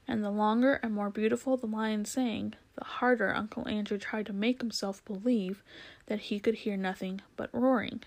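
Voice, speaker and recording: A woman's voice: medium pitch, moderate pace. Woman reading a children's story aloud. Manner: steady storytelling with occasional stumbles and restarts. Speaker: narrator.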